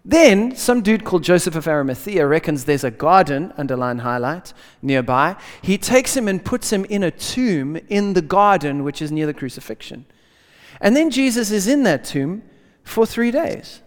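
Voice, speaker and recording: A man preaching a lively sermon in casual slang, swinging between loud bursts and hushed asides. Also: high voice, normal speed. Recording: long hall reverb.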